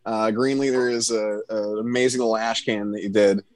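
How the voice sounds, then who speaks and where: A man's voice: fairly low pitch, steady tone, a little fast, a little mellow, no echo. A man hosting a podcast, chatting casually and hesitantly, with many fillers. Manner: friendly, hesitant, filler-heavy. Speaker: podcast host. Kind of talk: casual interview chat.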